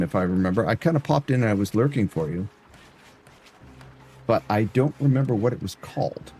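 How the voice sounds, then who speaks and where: A Canadian man streams and chats casually with his viewers, joking and answering them as he plays. His voice is low and husky, mellow in tone, with soft music faintly behind it. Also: expressive, fairly quick, long pauses. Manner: chatty, joking, talks back to chat. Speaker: variety streamer. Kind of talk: casual live-stream chat.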